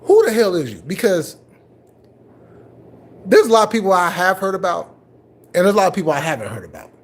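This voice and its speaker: Husky, animated man ranting on a livestream. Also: high voice, fairly quick. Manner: confrontational, repetitive, mocking. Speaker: livestream host. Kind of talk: live stream commentary rant.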